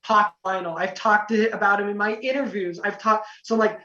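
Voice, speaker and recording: A young man telling a story as a podcast guest, excited and rambling, full of fillers. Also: sits high, brisk. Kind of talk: casual storytelling. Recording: roomy, distant, dull lo-fi podcast audio.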